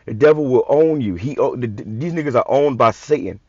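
A man preaching from scripture, reading verses slowly and then commenting in blunt, profane street talk with many repeated words. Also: medium pitch, expressive, husky, no room sound, muffled recording. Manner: reads verses slowly and louder. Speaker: online preacher.

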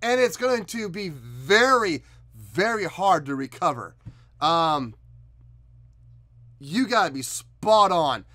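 A man hosting a music reaction video, excitedly commenting and explaining what he hears. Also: on the high side, slow, long pauses, dry recording. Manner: animated, exclaiming, explaining guitar technique.

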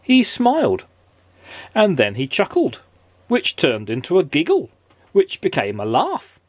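A man's voice: fairly high pitch, huge pitch swings, unhurried, no echo. A father reading a children's story aloud in a playful, sing-song way.

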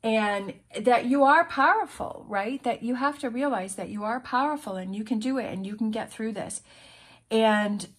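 A woman's voice: a little high, moderate pace, breathy edge. A woman giving a casual tarot reading, talking in an earnest, encouraging way with many restarts and fillers, and sounding emotional. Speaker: tarot reader.

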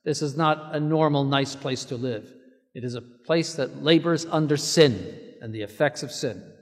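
Earnest bishop preaching in a reverberant church. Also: male voice, mid-range voice, moderate pace. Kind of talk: sermon.

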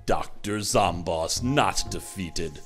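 A man voicing a gloating male villain from a video game, speaking slowly in clipped, broken phrases. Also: sits low, a bit bright, faint music behind, pitched below the performer's own voice.

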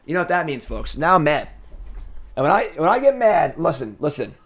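A male streamer gives casual, brisk commentary on a card game, talking straight to his chat. His pitch swings widely as he murmurs through possible plays and then bursts out loudly with excitement, while faint music plays behind.

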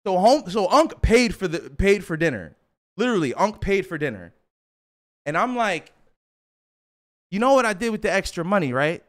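A young man telling a casual storytime, animated and slangy, often repeating himself. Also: sits high, moderate pace, pauses often.

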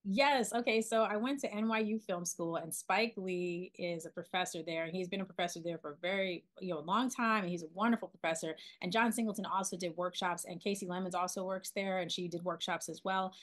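A woman in her forties from Philadelphia, a documentary filmmaker being interviewed, talking in an animated way with many restarts and fillers. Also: on the low side, a little fast, few pauses. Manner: animated, lots of restarts and "you know". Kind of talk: casual interview storytelling.

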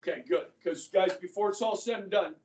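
A male history teacher lecturing his class, telling the story in an animated way and often calling the students "guys". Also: high voice, fairly quick. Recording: echoey classroom from far off.

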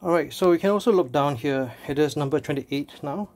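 A man casually talking through charts while working out at a gym, a bit out of breath, thinking aloud with pauses and fillers. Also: a little high, darkish tone. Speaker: crypto vlogger. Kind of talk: casual screen walkthrough.

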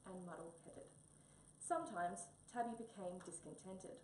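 A woman reading a children's picture book aloud in an expressive storybook manner. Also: mid-range voice, normal speed. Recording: echoey room, mic a bit far, faint hum.

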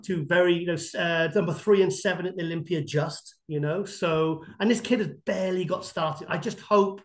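High-voiced man telling anecdotes. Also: normal speed. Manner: animated, rambling anecdotes with many fillers and restarts. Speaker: bodybuilding guest expert. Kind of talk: podcast interview storytelling.

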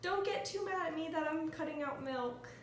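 A woman's voice: very high-pitched, normal speed. A young woman vlogging casually, coaxing her toddler in a sing-song way. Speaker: vlogger mom. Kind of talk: casual vlog chat. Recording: echoey room with faint background noise.

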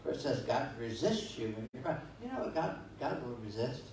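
A man's voice: medium pitch, big pitch swings, brisk, a little mellow, a little hiss or hum. A man preaching a sermon as pastor, folksy and conversational, telling stories and reading scripture with many restarts and asides. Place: church sanctuary. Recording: echoey church sanctuary from far off.

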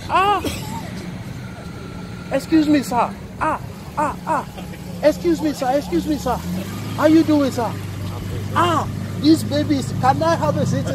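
Excitable man at a car show. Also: very high-pitched, heavy background noise. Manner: playful, exclaiming, talking to the camera. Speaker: vlogger at a car meet. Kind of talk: excited walk-around vlog.

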